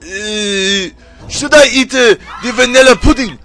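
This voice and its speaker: A young man putting on a loud, over-the-top cartoonish caricature voice, yelling in broken grammar. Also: very high-pitched, fast, faint music behind, voice pushed up. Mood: loud, exaggerated. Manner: yelling, broken grammar, exaggerated put-on accent.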